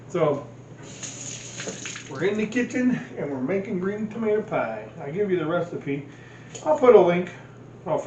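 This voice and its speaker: A man chatting his way through a recipe in a home kitchen, rambling and poking fun at himself. His voice sits a little high for a man. The room is echoey and the sound a bit dull and lo-fi. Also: darkish tone, slight background noise. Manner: rambling, jokey, self-deprecating. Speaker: cooking vlog host. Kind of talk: casual cooking chat.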